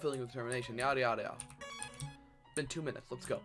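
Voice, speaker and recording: A man giving casual let's-play commentary, excitable and rambling, breaking into restarts and shouts. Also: mid-range voice, racing, faint music behind. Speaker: gameplay channel host.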